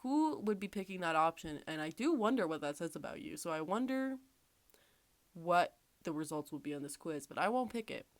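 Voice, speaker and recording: A woman's voice: fairly low pitch, very animated, brisk, no echo. A woman hosting a casual podcast, reading quiz questions aloud with sarcastic, swear-filled asides and frequent laughter. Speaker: podcast host.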